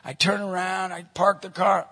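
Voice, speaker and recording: A man who heads a Catholic evangelization ministry tells stories to a church group in a lively, conversational talk. His voice is high-pitched, creaky and husky, moving at a normal speed, and the sound carries through a large hall.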